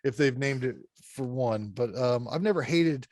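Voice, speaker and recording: A man's voice: medium pitch, a little mellow, no echo. Blunt, swearing man ranting in a dry room. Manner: blunt, ranting, swears often, quick laughs. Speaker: podcast co-host reviewing horror films. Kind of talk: casual profane chat.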